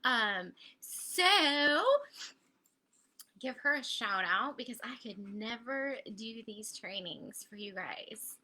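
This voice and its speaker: A woman's voice: on the high side, expressive, slow, pushed and bright. A woman hosting a live online training, chatty and upbeat, talking straight to her viewers. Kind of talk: live-stream coaching talk.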